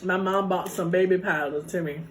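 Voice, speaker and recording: A woman vlogger chatting casually while eating, playful and quick to laugh. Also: on the low side, fairly even intonation. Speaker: mukbang vlogger. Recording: noisy home recording.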